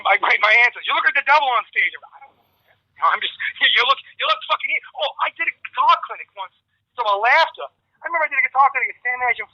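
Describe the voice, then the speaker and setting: A man's voice: high-pitched, bright, forceful tone, no room sound, highs cut off. A man, a rock guitarist guest in a casual phone interview, rambling and swearing as he tells stories and laughs often.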